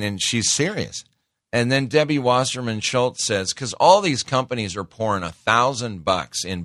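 A man's voice: on the low side, fairly bright tone, dry recording, studio quality. A middle-aged man hosting a political talk show, delivering a sarcastic, ranting opinion monologue with mocking asides.

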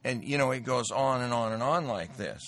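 A man's voice: medium pitch, moderate pace, fairly bright tone, dry recording. Emphatic rambling male commentator, dry sound. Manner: emphatic, rambling, repeats phrases. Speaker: host. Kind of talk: political commentary and sales pitch.

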